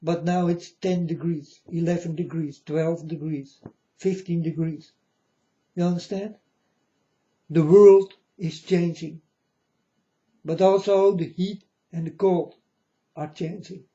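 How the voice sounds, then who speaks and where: Slow, dark-voiced preaching man, lo-fi. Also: fairly high pitch, fairly even intonation. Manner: slow, repetitive, preachy, addresses viewers as folks. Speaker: self-styled prophet. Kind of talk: rambling religious monologue to viewers. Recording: dull lo-fi sound.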